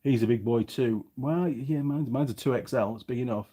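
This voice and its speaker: A man's voice: medium pitch, moderate pace, mellow, slightly rough. Chatty man with a faded Yorkshire accent. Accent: Yorkshire English, partly faded. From England. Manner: chatty, jokey, reads viewer comments aloud. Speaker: YouTube mechanic channel host. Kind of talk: casual livestream chat, reading comments.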